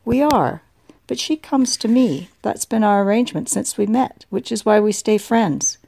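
A woman reading an elderly woman's lines in a storybook reading, speaking with a gently teasing, knowing manner. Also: mid-range voice, lively intonation, moderate pace, gravelly. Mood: warm. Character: elderly woman, warm and wry, fond of her friend.

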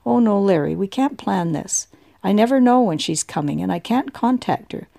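A woman reading an elderly woman's lines in a storybook reading, speaking with a gently teasing, knowing manner. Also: mid-range voice, animated, moderate pace, gravelly, no echo. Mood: warm. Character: elderly woman, warm and wry, fond of her friend.

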